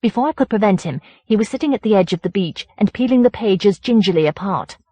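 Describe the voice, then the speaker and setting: A woman reading a first-person horror story aloud as an audiobook narrator, in a measured, deliberate way. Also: mid-range voice, lively intonation, warm tone, no room sound.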